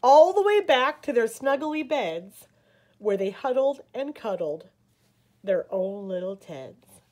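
An American woman reading a picture book aloud at a library story time, slow and expressive. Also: fairly high pitch. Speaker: children's librarian.

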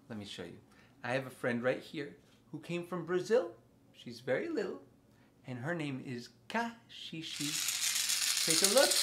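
A man hosting a children's music lesson, speaking slowly and simply to small children and asking them questions. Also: fairly high pitch. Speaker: children's music teacher and host. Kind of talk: children's sing-along lesson. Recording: loud background noise.

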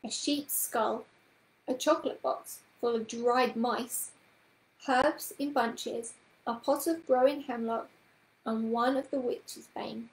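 A woman storyteller reading a children's book aloud with a gentle, expressive manner. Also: fairly high pitch, slow, roomy sound, poor audio.

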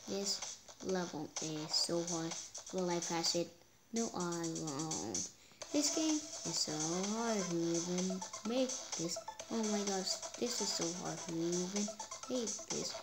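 A woman giving casual, excitable commentary while playing a phone game, cheering herself on. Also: lowish voice, takes it slowly. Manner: excitable, exclaims often, talks herself on. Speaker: gameplay streamer. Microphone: phone screen recording. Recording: clear game music underneath. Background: game music.

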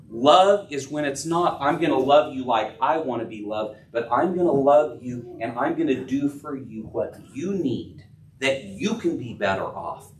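A middle-aged man preaching a sermon as pastor, earnest, rising and dropping in pitch and loudness. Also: a little hiss or hum. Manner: earnest preaching, rises and drops in pitch and volume. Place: church sanctuary. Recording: echoey room, voice from a distance.

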